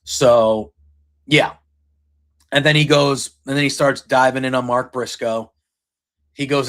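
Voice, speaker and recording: A man's voice: medium pitch, steady tone, measured pace, long pauses, fairly bright tone. A man hosting a wrestling podcast, telling back a show in a loose, rambling way with many fillers and quoted lines. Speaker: podcast host recapping wrestling. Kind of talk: casual spoken recap.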